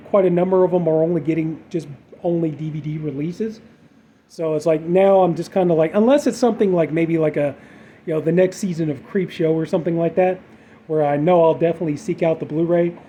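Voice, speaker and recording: Guy showing off his horror movie haul, real dark mellow voice, kinda dull lo-fi audio with a faint hiss. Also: fairly high pitch. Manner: rambling, filler-heavy, relaxed. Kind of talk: casual unboxing chat.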